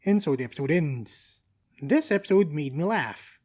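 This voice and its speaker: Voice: medium pitch, animated, moderate pace, a little mellow. An anime reviewer giving a casual episode recap, breezy and full of slangy quips and asides.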